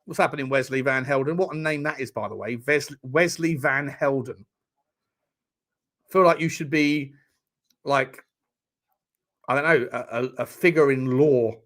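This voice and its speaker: Rambling football streamer. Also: male voice, mid-range voice, measured pace, pauses often, a bit bright. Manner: rambling, jokey, stammering restarts. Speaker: football channel host. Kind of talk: casual live-stream watchalong chat.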